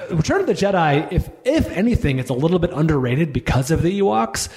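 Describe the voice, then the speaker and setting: Talkative forties male host with a slightly high voice who keeps restarting his sentences. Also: big pitch swings, fast, darkish tone. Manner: rambling, self-interrupting, lots of restarts. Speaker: podcast host. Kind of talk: casual chat.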